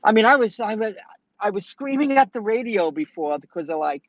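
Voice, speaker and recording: A woman's voice: medium pitch, lively intonation, brisk, dry recording. A middle-aged woman vlogging casually from her car as a delivery driver, rambling and venting while she talks to her live chat. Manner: rambling, venting, thinking out loud. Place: inside a car. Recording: dull, dry lo-fi sound.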